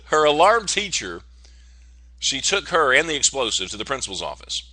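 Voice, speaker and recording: Bright, chatty male podcast host. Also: mid-range voice, sing-song, a little slow, dry recording. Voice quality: joking, rambling asides. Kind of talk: casual comedic monologue.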